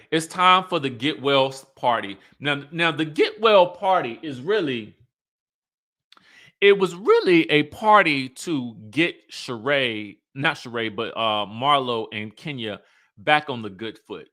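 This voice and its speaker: A man's voice: on the high side, bright, forceful tone. A man recapping a reality show in a sassy, chatty way, full of asides and laughing at his own remarks. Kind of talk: casual show recap commentary.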